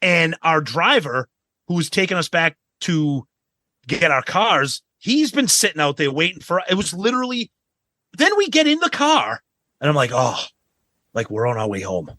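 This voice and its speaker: A man's voice: high voice, very animated, normal speed, bright, forceful tone, no echo. A man co-hosting a podcast, telling a travel story in a casual, profane way. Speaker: podcast co-host.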